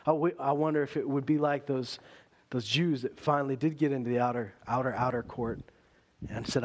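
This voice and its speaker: A man preaching a sermon, swinging between loud emphasis and quiet intensity. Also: medium pitch, fairly even intonation, normal speed.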